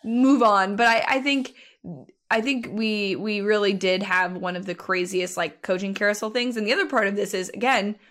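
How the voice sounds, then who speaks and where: A woman co-hosting a casual sports talk show, chatty and quick to laugh. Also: medium pitch, steady tone, a bit bright. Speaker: sports podcast co-host. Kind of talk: casual chat.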